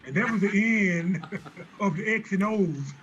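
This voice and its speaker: Higher-pitched man telling anecdotes. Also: a little slow, fairly bright tone, dull audio, a little hiss or hum. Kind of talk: storytelling in interview.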